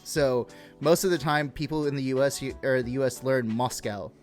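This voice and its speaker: A man's voice: medium pitch, normal speed, faint music behind. A young man co-hosting a podcast, rambling in a laid-back way and swearing freely. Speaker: podcast co-host. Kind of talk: casual podcast chat.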